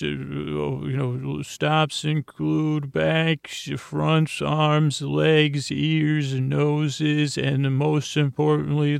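A man voicing a goofy, jester-like uncle who talks in quick, playful bursts like a train conductor. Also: on the high side, creaky, clear, resonant tone, no room sound, clean studio sound, heavily acted. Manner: playful, hurried announcing.

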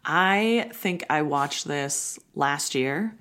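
A woman's voice: deep voice, lively intonation, very slow, fairly bright tone. A woman in her thirties hosting a podcast with friends, chatty and playful, rambling in a casual way. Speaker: podcast host. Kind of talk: casual chat.

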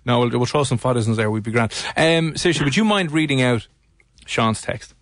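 A man hosting a radio show, upbeat and brisk as he talks to a caller. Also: medium pitch, fairly bright tone, dry recording. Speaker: radio host.

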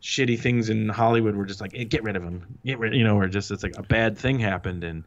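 Guy telling backstage stories on a podcast, swears a lot, pops his voice up for quotes, kinda dull lo-fi audio. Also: quick pace. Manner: animated, acts out quotes with raised pitch, swears freely. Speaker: former wrestling writer, interview guest. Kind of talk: casual storytelling interview. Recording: muffled lo-fi audio.

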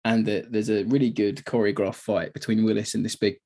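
A man's voice: lowish voice, level tone, a little fast, mellow. A man co-hosting a film podcast, chatting casually, laughing often and acting out lines from the film. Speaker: podcast co-host. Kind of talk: casual film review chat.

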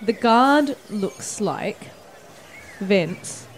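A woman narrating as game master of a tabletop role-playing game, playful and quick to laugh. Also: medium pitch, expressive, a little hiss or hum.

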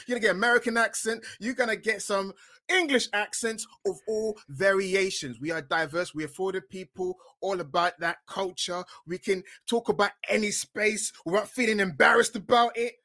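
A man co-hosting a chat show, with a fairly high, bright voice. He reads news aloud, then bursts into playful mock outrage. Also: a little fast. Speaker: co-host.

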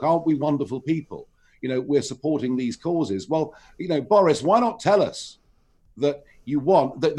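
On talk radio, a male political guest gives an interview, speaking forcefully and driving his points home with emphatic peaks. His pitch swings up and down constantly, and the studio sound is clean.

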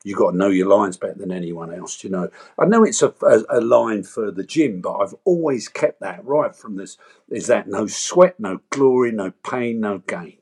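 An older man tells stories in a relaxed interview, leaping into the voices of the people he quotes. His voice sits low and has a husky edge. He talks in a lively, playful way. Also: normal speed. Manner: animated storyteller, acts out voices and quotes. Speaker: actor and entertainer, guest. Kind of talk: casual interview chat.

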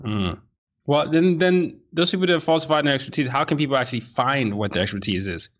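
A man's voice: mid-range voice, expressive, fairly quick, fairly bright tone. A man hosting an interview, affirming and summarizing his guest's points in a conversational way. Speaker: podcast host. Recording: dull, lo-fi sound.

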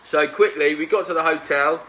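A man's voice: fairly high pitch, moderate pace, a bit bright, a little hiss or hum. A man hosting a casual podcast chat with his mates, telling a story and acting out what people said. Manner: chatty storyteller, acts out quotes. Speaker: podcast host.

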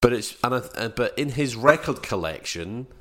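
A man's voice: mid-range voice, expressive, normal speed, fairly bright tone, faint music behind. A man co-hosting a casual film review podcast, rambling and retelling scenes in quoted voices. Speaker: podcast co-host.

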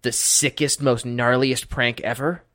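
A gleeful young prankster, as a man puts him on, leaning in close and talking low and conspiratorially. His voice sits at an ordinary middle pitch as he lays out his scheme. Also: steady tone, measured pace, a bit bright, no echo, close to an everyday voice. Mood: scheming. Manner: conspiratorial, whispering asides.

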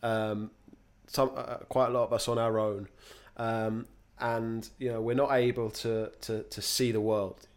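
A man's voice: on the low side, flat delivery. A man chatting as a podcast guest, easygoing and informal. He talks in fits and starts, circling back and repeating words before landing a point, with slang sprinkled through. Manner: halting, many restarts, slangy. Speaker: actor guest. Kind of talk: casual podcast chat.

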